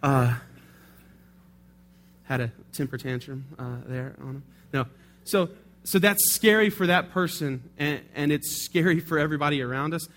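Chatty male pastor, slightly high voice. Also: normal speed, fairly bright tone, a little hiss or hum. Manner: conversational, with frequent tag questions. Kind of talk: sermon.

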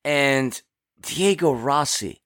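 A man co-hosting a podcast, talking through a match with animated, joking banter. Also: medium pitch, very slow. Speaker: podcast co-host. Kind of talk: casual match recap.

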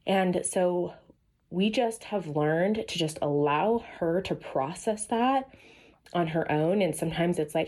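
A woman in her thirties speaks in an earnest, casual and heartfelt way about her family and her faith. Her usual voice sits fairly low, but it jumps up high and bright whenever she gets excited or quotes someone. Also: measured pace. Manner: earnest, animated, rising to a high pitch on excited or quoted lines. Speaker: mother sharing family faith reflections.

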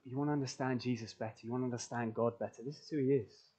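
A man's voice: mid-range voice, fairly even intonation, quick pace, warm tone, husky. A man preaching a sermon in church, earnest and building emphasis through repeated phrases. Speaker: pastor. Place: church, recorded for online stream.

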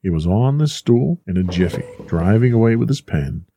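A man narrating a classic story with measured, expressive delivery. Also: lowish voice, a little hiss or hum.

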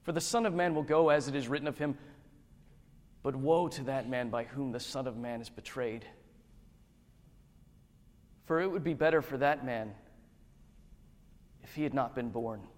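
A man reading the grave, sorrowful words of a male teacher in a slow, deliberate way, with a long hall reverb. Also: medium pitch, natural voice.

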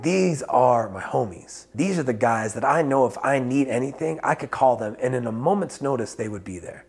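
Male coach, 30s, rough husky voice with fry, candid motivational vlog delivery, curses freely, builds to emphatic. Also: mid-range voice. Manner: casual and candid, swears freely, grows emphatic. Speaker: life coach. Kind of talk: motivational talk to camera.

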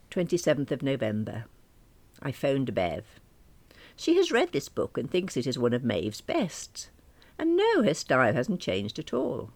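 A woman narrating a comic diary story in a prim, earnest, deadpan manner. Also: very deep voice, no echo.

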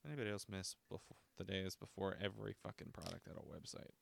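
A man's voice: deep voice, steady tone, quick pace, vocal fry, a little hiss or hum. A man in his twenties chatting casually to camera as he reviews a drink, rambling, swearing freely and poking fun at himself. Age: 20s.

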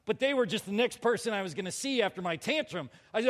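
A man with a notably high voice tells a personal story from the pulpit. He is animated and pokes fun at himself as he acts out his own words. The sound rings out with the long reverb of a big hall. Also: fairly quick, few pauses. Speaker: preacher giving a testimony. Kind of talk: storytelling sermon. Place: large hall before a live audience.

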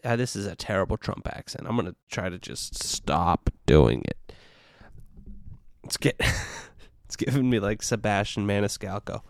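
A man hosting a solo podcast, rambling in a casual, profane, animated way into a podcast microphone. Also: lowish voice, a little slow, no room sound, studio quality. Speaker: podcast host.

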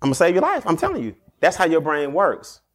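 A man hosting a show, giving street-wise motivational advice in an animated way, laughing often and acting out quick exchanges. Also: fairly high pitch. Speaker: podcast host.

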